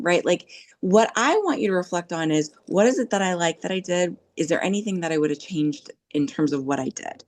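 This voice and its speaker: Middle-aged woman, podcast guest, somewhat low voice, animated storytelling. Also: brisk. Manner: animated storytelling, checks in with "right?". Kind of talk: casual podcast chat.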